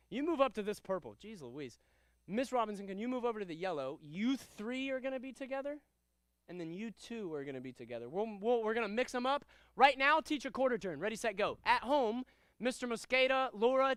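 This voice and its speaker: A young man runs a karate class in a high, crisp voice, barking loud commands and then dropping into easy, chatty asides. The sound is dry and close, with no room echo. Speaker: karate instructor. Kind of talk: teaching a live martial arts class.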